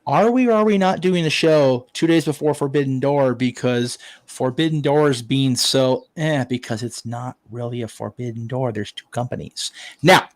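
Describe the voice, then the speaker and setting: A man's voice: medium pitch, moderate pace, no room sound, rough recording. A man hosting a wrestling watch-along, ranting casually with profanity and stammered restarts. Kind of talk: casual online chat.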